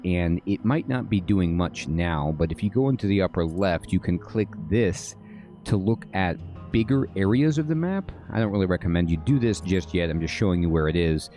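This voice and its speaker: A man giving casual gameplay tutorial commentary as a game guide host, relaxed and checking in often with "all right?". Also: low-pitched.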